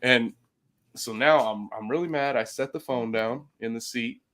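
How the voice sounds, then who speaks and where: A man casually telling a story, swearing freely, laughing between phrases, and swinging from loud to soft. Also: mid-range voice, moderate pace.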